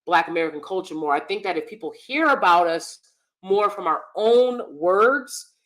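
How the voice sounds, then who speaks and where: A woman's voice: lowish voice, expressive, moderate pace, fairly bright tone, low-quality recording. A woman hosting her own channel, giving blunt, emphatic commentary and reading out chat names, often repeating herself for stress. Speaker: channel host. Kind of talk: casual commentary to live chat.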